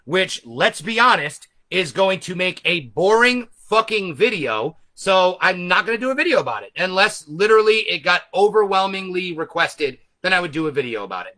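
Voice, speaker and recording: A man's voice: high-pitched, sharp tone. A man hosting a video, retelling a movie in a casual, rambling, profane way with frequent self-corrections. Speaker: host.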